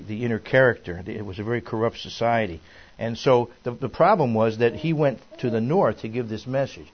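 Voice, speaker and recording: An older man teaching an informal Bible lesson in a folksy, digressive way, chuckling at his own stories. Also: medium pitch. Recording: dull lo-fi recording.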